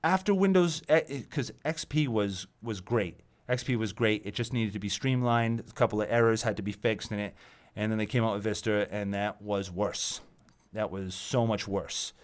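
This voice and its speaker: A tired, exasperated man hosting his own channel, ranting about software and the internet, swearing often and repeating himself. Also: on the low side, normal speed. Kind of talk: profane tech rant monologue.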